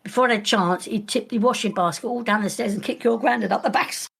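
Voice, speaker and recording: A woman's voice: fairly high pitch, fast, gravelly, slight background noise. An older woman, a grandmother telling rambling stories in casual chat, often restarting her sentences. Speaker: podcast guest, grandmother. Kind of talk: casual storytelling.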